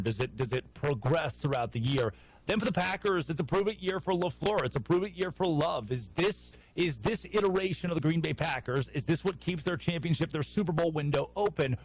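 A man from the United States hosting a sports radio show, talking football in a wry, opinionated way with quick asides. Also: on the high side, poor audio. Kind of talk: casual sports talk.

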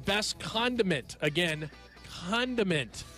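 A man's voice: sits high, faint music behind. A man hosting a sports radio show, chatting casually and animatedly with his co-hosts. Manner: animated, laughing, quick asides.

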